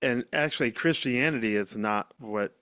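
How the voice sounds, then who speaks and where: A man's voice: mid-range voice, normal speed, fairly bright tone, clear, resonant tone, no room sound. Blunt, emphatic man, dry sound. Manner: blunt, emphatic, acts out quoted voices. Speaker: podcast host. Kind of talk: casual conversation.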